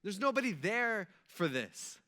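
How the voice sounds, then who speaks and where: A young adult man pastor delivers a relaxed, conversational sermon. He jokes, tosses in fillers and side comments, and keeps things informal. His voice is high and bright. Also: measured pace. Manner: casual, joking storyteller with lots of fillers.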